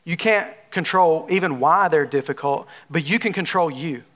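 Speaking at a moderate pace in a fairly high, somewhat bright voice, an Alabama pastor with a Southern drawl delivers a sermon. His tone is casual and homespun, loaded with "like" and "you know."

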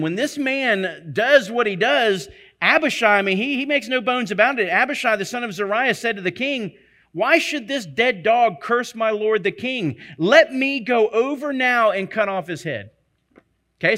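A man preaches a sermon in a high, bright voice. He speaks earnestly and emphatically, doubling back on phrases to drive his point home. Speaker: pastor.

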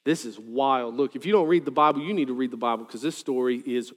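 A male pastor preaching a sermon, animated, with joking asides and sudden loud quoted lines. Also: medium pitch, fast talker, long reverb tail.

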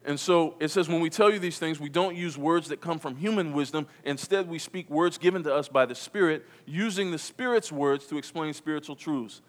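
A man's voice: on the high side, brisk, hardly any pauses. A pastor preaching a sermon to his congregation, with emphatic repetition and questions to the room. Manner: emphatic preaching, repeats key phrases, calls to the congregation. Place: church.

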